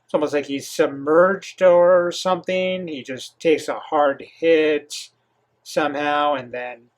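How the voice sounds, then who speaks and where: A man hosting a comic reaction, reading and commenting with many halting pauses and eager asides. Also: on the high side. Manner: halting, filler-heavy, enthusiastic asides.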